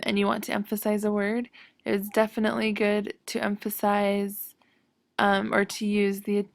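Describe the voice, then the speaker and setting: A woman's voice: medium pitch, creaky, no echo. A woman teaching a screen-recorded web design tutorial, hesitant and full of ums as she thinks aloud while clicking.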